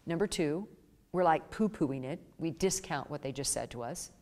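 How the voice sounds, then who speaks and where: A woman's voice: sits low, expressive, moderate pace, a little mellow, in a large hall. A woman giving a live seminar to pet-business owners, acting out little quoted exchanges as she goes.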